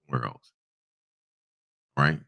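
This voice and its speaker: A man's voice: slow, pushed and bright. A man hosting a casual livestream, telling a story and talking in a conversational, repetitive way with preachy asides. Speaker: YouTube livestream host.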